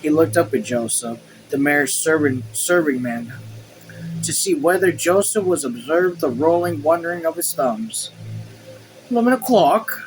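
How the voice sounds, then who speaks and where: Man reading a novel aloud, halting. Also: fairly high pitch, background noise. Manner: slow, halting reading with chatty asides. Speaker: read-along host. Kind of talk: casual novel read-aloud.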